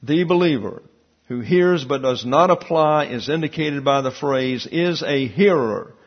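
Husky man preaching a sermon. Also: medium pitch, measured pace, lo-fi sound. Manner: teaching with asides and rhetorical questions. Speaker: pastor.

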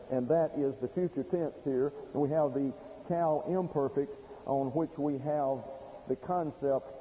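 A man preaching an expository sermon in a folksy, explanatory way, slowing down to stress key words. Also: mid-range voice, slight background noise. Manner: folksy, explanatory, slows for emphasis. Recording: dull lo-fi recording in a reverberant hall.

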